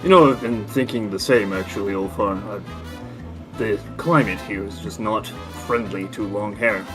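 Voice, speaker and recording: A man playing a character in a tabletop game, speaking in a measured, courteous way. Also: on the low side, over music. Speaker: player.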